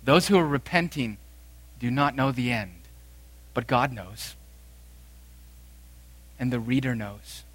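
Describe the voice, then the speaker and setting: A man preaching a sermon, swinging between loud emphatic declarations and quiet, low phrases. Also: slow, long pauses.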